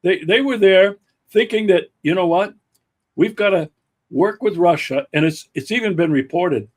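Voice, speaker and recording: A man hosting a political talk show, speaking slowly and emphatically with frequent fillers and restarts. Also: fairly high pitch. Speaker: podcast host. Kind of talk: political commentary chat.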